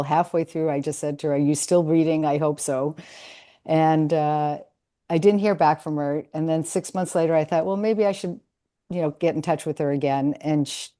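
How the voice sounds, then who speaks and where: A woman presenting her art project in a reflective, measured talk partly read from notes. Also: low voice, warm tone.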